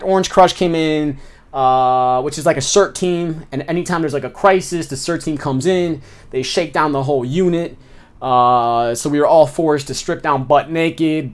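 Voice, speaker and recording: Man, slangy, lively storyteller, fairly high voice. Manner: street slang, animated retelling with repeated phrases. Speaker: former inmate telling stories. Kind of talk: casual storytelling.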